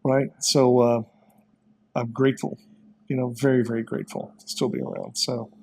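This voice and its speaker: A man's voice: medium pitch, level tone, normal speed, darkish tone, slight background noise. Folksy man in his fifties. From Texas. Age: 50s. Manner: rambling, folksy storytelling with many fillers. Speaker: interview guest. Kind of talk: casual conversation.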